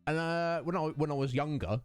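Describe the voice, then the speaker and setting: Soft music plays behind a young man hosting a casual stream, his voice fairly high, clear and resonant, his pace brisk. He chats with viewers in a rambling way, leaning on fillers and mocking himself.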